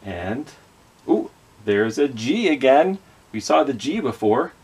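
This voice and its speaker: A man's voice: mid-range voice, big pitch swings, takes it slowly, breathy edge. A man leading a children's reading skit with puppets, patiently sounding out letters and words. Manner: gently apologetic with the puppets. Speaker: children's librarian.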